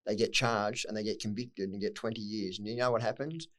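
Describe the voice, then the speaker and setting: On a podcast, a middle-aged Australian man tells his life story frankly, cursing freely as emotion slips through at times. His voice is fairly low and slightly bright, with fairly even intonation and a fairly quick pace.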